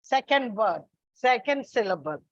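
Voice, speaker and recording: A woman teacher giving a classroom lecture on English, speaking deliberately, listing examples one by one and calling her students children. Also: fairly high pitch, lively intonation, dry recording. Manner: slow, deliberate, repeats and lists examples. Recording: dull, lo-fi sound.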